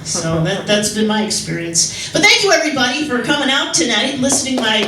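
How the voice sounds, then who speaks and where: A young woman from Chicago doing a stand-up comedy set on a club stage, talking in a rambling, halting way with many restarts. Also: fairly high pitch, expressive, bright, forceful tone, a little hiss or hum. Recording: echoey room, mic heard from far off.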